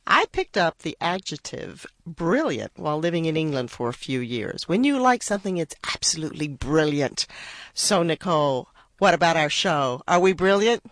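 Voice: medium pitch, very animated, normal speed, hardly any pauses. A chatty, enthusiastic host of a storytelling radio show.

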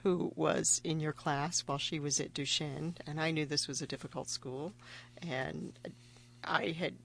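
A woman's voice: low-pitched, fairly even intonation, measured pace, gravelly, slight background noise. A woman moderating a storytelling talk who reacts to each story and invites the next one. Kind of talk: hosting a live storytelling talk.

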